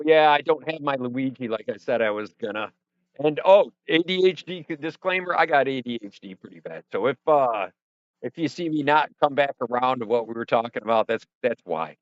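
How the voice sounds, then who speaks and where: A man hosts a casual livestream from his home studio, wandering off topic and chatting to viewers as he fixes his setup. His voice is mid-pitched, and it sounds dull and muffled. The sound is dry and close, with no room echo. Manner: rambling, self-deprecating, talks to chat and himself. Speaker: livestream host. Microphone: headset or desk mic with headphones. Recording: dull, muffled stream audio.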